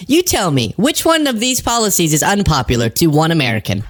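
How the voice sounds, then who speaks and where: Animated sarcastic woman commentator. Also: fairly low pitch, brisk. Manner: sarcastic, animated, laughs at own jokes. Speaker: political commentary host. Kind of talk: casual political commentary.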